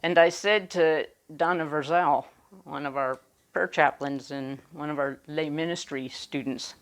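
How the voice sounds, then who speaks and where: Slow, deliberate woman preaching a sermon. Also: low-pitched, steady tone. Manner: slow, deliberate, with emphatic pauses. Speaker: minister.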